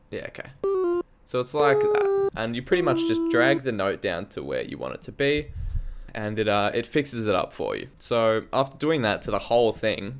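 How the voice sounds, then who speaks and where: An Australian man in a casual, sweary, self-mocking walkthrough of his own song project from a home studio. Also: on the low side. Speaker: hobby music producer. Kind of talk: casual screen-recorded walkthrough.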